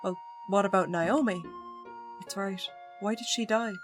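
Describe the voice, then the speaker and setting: Woman streamer narrating a spooky visual novel, lively reading, game music underneath. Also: mid-range voice, measured pace. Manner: expressive reading, joking asides.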